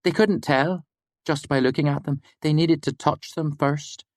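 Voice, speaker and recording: A man's voice: on the high side, fairly even intonation, a little slow, no echo, clean studio sound, voice pushed up, natural voice. A man voicing an earnest young woman student who insists on finishing her point, in an audiobook.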